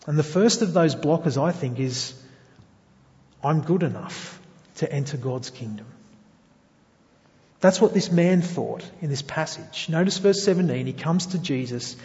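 A man's voice: a little high, lively intonation, a little slow, a little mellow. Earnest preacher man in a reverberant hall. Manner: earnest, uses rhetorical questions. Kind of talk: sermon. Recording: dull lo-fi sound with long hall reverb.

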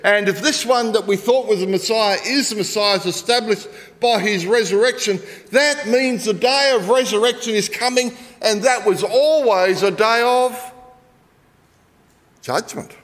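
A middle-aged Australian man preaching a sermon and telling a story, swinging between loud emphasis and quiet asides. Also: high-pitched, unhurried, long reverb tail.

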